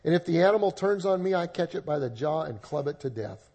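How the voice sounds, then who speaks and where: A man's voice: on the high side, animated, brisk, darkish tone. A man voicing a bold young shepherd boy, retelling the lines in a brash, confident way.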